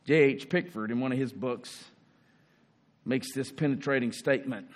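A man preaching a sermon in an earnest way, rising for emphasis and slowing down on key phrases. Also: medium pitch. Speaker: pastor.

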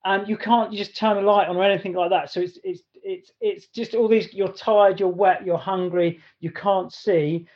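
A man's voice: high-pitched, fairly even intonation, normal speed, few pauses, a little mellow. A man co-hosting a podcast, telling a story casually in a rambling way, full of restarts. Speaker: podcast co-host. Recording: dull lo-fi sound.

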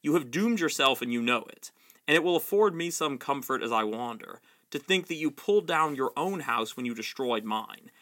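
A man's voice: mid-range voice, lively intonation, moderate pace, fairly bright tone, lightly acted. A man reading aloud, voicing a bitter, ruined old male wizard who sneers, whines and spits scorn at everyone. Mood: mocking. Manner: sneering, whining and spiteful.

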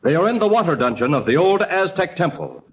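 A man's voice: fairly high pitch, big pitch swings, fairly quick. A man announcing a 1940s radio serial, addressing young listeners in a chummy, enthusiastic way. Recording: dull, faintly hissy old radio recording.

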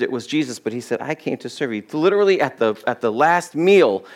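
A male pastor giving a sermon in a loose, conversational way, often acting out quoted voices with sudden jumps up in pitch.

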